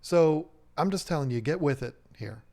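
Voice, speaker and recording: Joking, excitable man hosting a live stream. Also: on the high side, normal speed. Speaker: co-host of a fish-keeping live stream. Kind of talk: casual chat, reading viewer messages. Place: fish shop owner's live stream setup.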